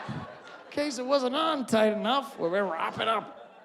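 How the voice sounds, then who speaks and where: High-voiced man doing animated stand-up. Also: a little slow, vocal fry, a faint crowd, a little hiss or hum. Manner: animated, shouts punchlines, mimics characters. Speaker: stand-up comedian. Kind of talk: stand-up comedy set. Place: comedy stage before a live audience.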